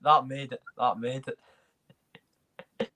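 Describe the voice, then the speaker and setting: A man's voice: medium pitch, steady tone, slow pace, sharp tone. A man hosting a live football watchalong, chatting loosely with banter and restarts. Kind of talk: casual chat.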